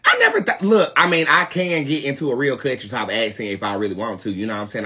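A young man from North Carolina with a Southern accent, hosting a live tarot reading stream and talking to viewers in a sassy, profane way that swings from loud to muttered asides. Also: medium pitch, sing-song, quick pace, slightly rough. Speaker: tarot reader, live show host.

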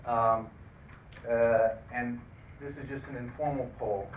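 A man moderating a panel discussion, who introduces the guests and runs an audience poll in a halting way, with many fillers and dry asides. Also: mid-range voice, fairly even intonation. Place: conference room. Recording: phone-like, roomy, distant, faint hiss.

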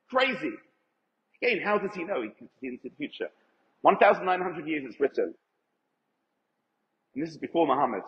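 A male rabbi giving an emphatic Torah lecture to a live audience and putting questions to them. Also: fairly high pitch. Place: event hall with audience. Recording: echoey hall, dull lo-fi sound.

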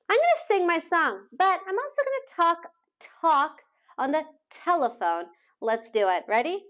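A young woman teaching a phonics lesson to small children, speaking slowly and encouragingly and sounding out letters. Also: high-pitched. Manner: slow, sing-song and encouraging, sounding out letters.

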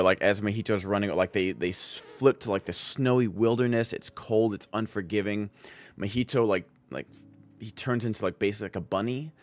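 A man streaming and chatting casually, enthusiastic and rambling, with lots of filler words. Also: lowish voice. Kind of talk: casual chat.

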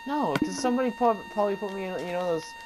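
A woman's voice: mid-range voice, quick pace. A young woman chatting and teasing her brother while playing a video game. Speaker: gamer. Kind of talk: casual let's-play chat. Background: loud game music.

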